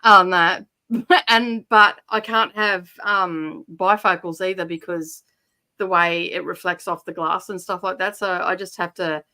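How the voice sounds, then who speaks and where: Chatty Australian woman, bright voice. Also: lowish voice, steady tone, unhurried. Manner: chatty, laughs often. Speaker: livestream co-host. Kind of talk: casual live-stream chat.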